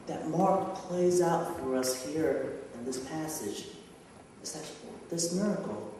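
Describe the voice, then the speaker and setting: Male pastor, unhurried sermon delivery, rhetorical questions and casual asides; distant mic with long church reverb. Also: fairly high pitch, a little hiss or hum. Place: church sanctuary. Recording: echoey church hall from far off.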